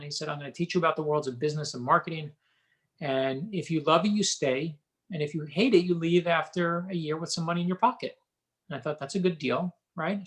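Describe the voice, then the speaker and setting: A middle-aged man, an author being interviewed, telling personal stories in an animated, anecdotal way. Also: a little high. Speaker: author guest. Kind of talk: interview storytelling.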